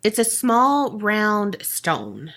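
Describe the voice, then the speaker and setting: Slow, bright-voiced woman storyteller. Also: mid-range voice, wildly swooping pitch. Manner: casual, profane, laughs often. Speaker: podcast co-host. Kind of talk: casual storytelling chat.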